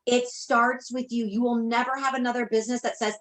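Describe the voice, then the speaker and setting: A woman's voice: fairly high pitch, level tone, fairly quick. A woman business coach talking on a motivational team call, effusive and gushing, often repeating herself.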